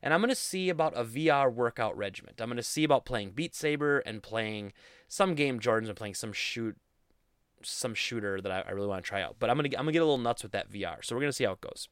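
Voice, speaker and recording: A man's voice: mid-range voice, animated, fast, fairly bright tone, smooth, no echo. A young man hosting a casual solo podcast, rambling in a goofy, self-deprecating way into a studio mic. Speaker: podcast host.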